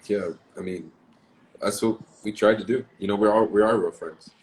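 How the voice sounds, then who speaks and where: A young American actor from the South chatting casually on a livestream video call, relaxed and quick to laugh. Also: male voice, on the low side, rough recording. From Southern United States. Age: young adult. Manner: laid-back, laughs often, drawls words slowly at times. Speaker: actor guest.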